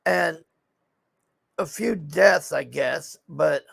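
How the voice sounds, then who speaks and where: Speaking very slowly, this TV show reviewer has a fairly high, gravelly voice that's a bit bright and slightly rough, captured in a dry recording. He recaps a show in a loose, meandering rant full of fillers, clearly frustrated and cursing a lot.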